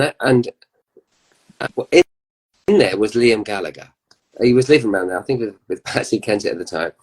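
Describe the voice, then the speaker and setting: A man's voice: mid-range voice, a little mellow, poor audio. A man in his fifties, a musician guest telling rambling anecdotes in casual chat, with laughs.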